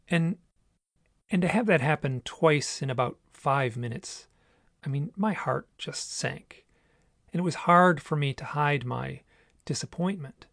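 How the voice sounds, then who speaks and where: A man hosting a podcast, telling a personal story in an earnest, measured way. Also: on the high side, animated, vocal fry, fairly bright tone, dry recording, studio quality. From United States. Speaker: podcast host. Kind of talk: reflective solo storytelling.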